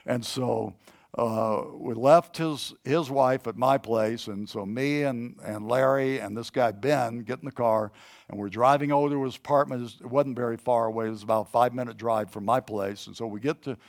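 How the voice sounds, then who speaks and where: A man's voice: medium pitch, normal speed. A middle-aged man preaching a sermon, teaching and then telling a personal story in a conversational way, with many fillers and restarts.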